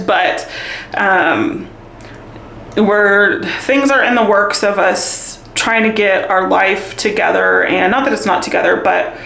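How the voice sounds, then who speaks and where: A woman's voice: medium pitch, creaky, a bit bright, roomy sound. A woman vlogging at home, chatting candidly to the camera with frequent laughter. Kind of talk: casual chat to camera.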